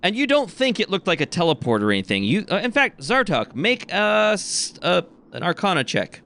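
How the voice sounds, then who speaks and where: A man's voice: high-pitched, sing-song, moderate pace, creaky, a bit bright. A man running a tabletop game as game master, narrating casually with self-corrections.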